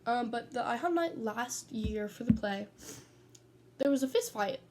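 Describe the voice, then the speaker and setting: A woman's voice: a little high, animated, measured pace, noisy background. A teenage girl rambling casually, telling stories and swearing freely, speaking from her bedroom. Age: teens. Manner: chatty, sidetracked, swears freely. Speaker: vlogger. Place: bedroom at home.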